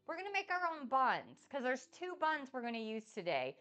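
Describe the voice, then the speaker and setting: A woman cooking on a live stream, chatting in an excitable, bubbly way with a slight lisp. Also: high voice, normal speed, few pauses, highs cut off, faint music behind. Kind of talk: casual live-stream chat.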